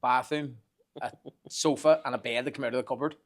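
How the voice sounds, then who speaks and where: A man's voice: medium pitch, steady tone, brisk. A man in his forties, a podcast guest, telling rambling, profane anecdotes and laughing as he goes. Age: 40s. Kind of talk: casual storytelling.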